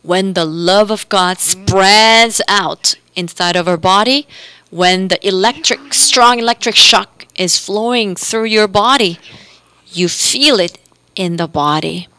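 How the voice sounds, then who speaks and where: A woman's voice: medium pitch, slow pace, sharp tone. A woman interpreting a doctor's lecture that mixes health teaching with Bible readings, speaking earnestly and steadily.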